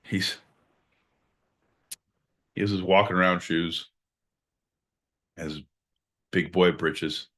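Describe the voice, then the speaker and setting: A man's voice: sits low, fairly even intonation, slow, pauses often, a bit bright. A man hosting a comedy podcast, riffing on absurd bits in profane, improvised banter. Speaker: podcast host.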